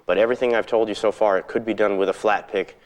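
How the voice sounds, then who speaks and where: Male guitar teacher, very low voice, easygoing, counts rhythms out loud for a lesson tape. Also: quick pace, noisy background. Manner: relaxed, counts rhythms aloud. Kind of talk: instructional video lesson. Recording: 1990s instructional videotape.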